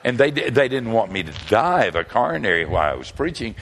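An older man with a mid-range voice preaches a humorous sermon at a quick pace, telling animated stories and joking with the crowd. Long hall reverb fills the recording.

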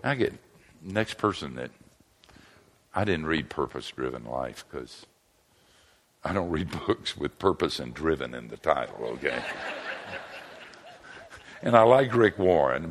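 A low, breathy-edged voice belongs to an older preacher who speaks a little slowly with long pauses. He tells animated stories and jokes with the crowd in a funny sermon, recorded with long hall reverb.

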